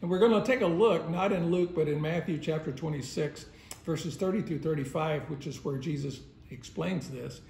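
A man's voice: on the high side, moderate pace, creaky, a little mellow, a little hiss or hum. A man teaching a Sunday school lesson in a casual, conversational way, often chuckling as he retells the story. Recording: roomy echo.

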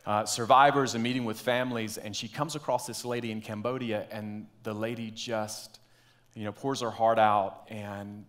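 A man preaching a sermon as pastor, telling a story and dropping into quiet, earnest tones. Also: mid-range voice.

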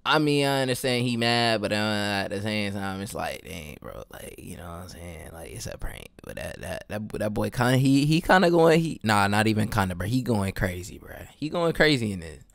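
A man's voice: fairly low pitch, sing-song, normal speed, creaky, hardly any pauses, fairly bright tone, no echo, clean studio sound. A young man giving laid-back slangy commentary as he reacts to a video. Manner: laid-back slangy banter, says bro a lot.

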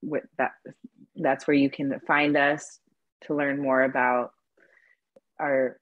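A woman's voice: extremely low pitch, level tone, slow, no room sound, muffled recording. A woman who stutters, speaking as an advocate on an online panel, with repeated words and restarts.

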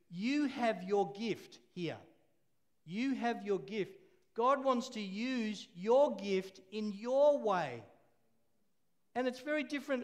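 A man preaching a sermon, telling a story with laughs and call-and-response. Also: high-pitched.

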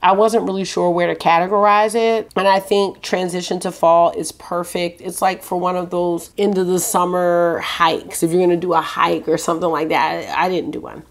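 A woman's voice: on the low side, steady tone, moderate pace, gravelly, few pauses. A woman vlogger giving a casual, enthusiastic fragrance review, chatting and listing scent notes. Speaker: beauty vlogger.

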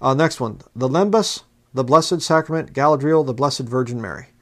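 In a fiery religious commentary video, a man with a mid-range voice speaks at a moderate pace, preaching with passion. He reads quotations aloud from books and ridicules opposing views.

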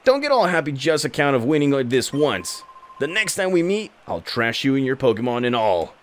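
A man's voice: medium pitch, very animated, normal speed, a little hiss or hum, lightly acted. A man voicing a brash male kidnapper who blusters and taunts in a raised voice. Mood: blustering.

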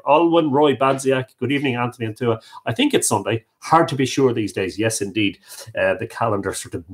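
A man with an Irish accent hosting a live stream, reading out viewer comments and welcoming each one by name with Irish greetings. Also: medium pitch. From Ireland. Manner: friendly, reads names aloud and greets viewers with Irish phrases. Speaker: livestream host.

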